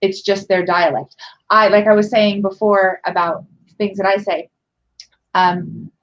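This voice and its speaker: A woman's voice: mid-range voice, measured pace. A woman from California hosting a casual discussion, talking in a thoughtful, chatty way. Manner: thoughtful, chatty, laughs easily. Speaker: discussion host. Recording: dull lo-fi sound.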